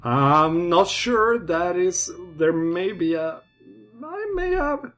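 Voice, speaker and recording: A man's voice: a little high, big pitch swings, a little slow, faint music behind. A man voicing a nervous female shop clerk who stammers in a raised voice. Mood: flustered.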